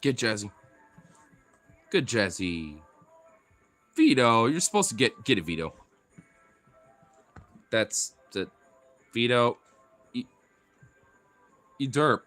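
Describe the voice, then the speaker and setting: A man's voice: medium pitch, big pitch swings, takes it slowly, long pauses, fairly bright tone, faint music behind. A man live-streaming casually, laughing, swearing and cheering on his dogs as they play. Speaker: livestreamer.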